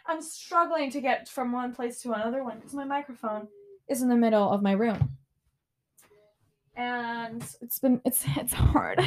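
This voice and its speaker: A teenage girl talks through a casual solo podcast from her small bedroom, her voice sitting a little high. She swears freely and bursts into loud frustrated exclamations between rambling remarks. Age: teens. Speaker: podcast host.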